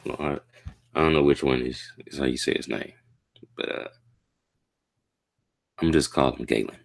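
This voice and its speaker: A man reading a manga chapter aloud and reacting to it in a casual, slangy way, with excitable outbursts. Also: a bass voice, normal speed, gravelly.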